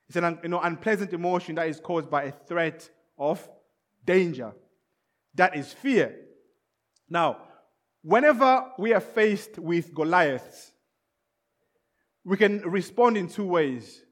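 A preacher with a notably high-pitched voice delivers an emphatic sermon. He repeats his key points and often slips into acted-out scenes. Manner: repetitive, emphatic, acts out scenes.

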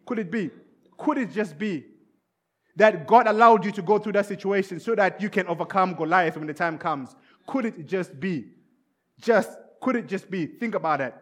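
A preacher with a notably high-pitched voice delivers an emphatic sermon. He repeats his key points and often slips into acted-out scenes. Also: moderate pace, fairly bright tone. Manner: repetitive, emphatic, acts out scenes.

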